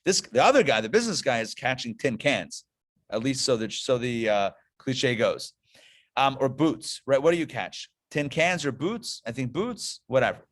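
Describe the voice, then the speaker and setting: A man, a rabbi, giving a lively lecture with storytelling to a live class, talking conversationally and checking in with listeners through quick questions. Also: medium pitch. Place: live class before an audience.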